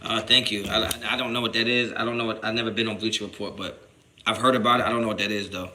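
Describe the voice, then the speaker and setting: A man from New Jersey hosts a sports livestream, reading chat aloud and replying in a fast, lowish voice over slight background noise. He's animated, slangy, and profane, repeats himself, restarts often, and rises to shouting when annoyed.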